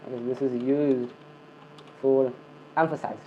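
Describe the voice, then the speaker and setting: A man's voice: medium pitch, level tone, unhurried, slight background noise. A man giving a screencast coding lesson, filling his talk with "okay" and "I mean" and often restarting his sentences. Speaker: coding tutor. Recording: dull lo-fi recording.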